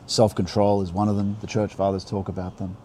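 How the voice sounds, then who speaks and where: His voice is lowish and dark with little pitch movement as he gives an earnest, improvised spiritual talk on a livestream beside river rapids. He muses and restarts his thoughts, with slight background noise and faint rushing water behind him.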